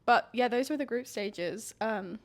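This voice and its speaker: A young woman co-hosting a podcast in a chatty, casual way, often dropping to a quieter aside. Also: on the high side, a little slow. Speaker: podcast co-host. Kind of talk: casual chat.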